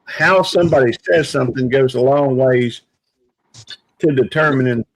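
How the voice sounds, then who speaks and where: A man in casual live-stream chat, talking in a measured, hesitant way with many fillers. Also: mid-range voice, dry recording, poor audio. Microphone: video call.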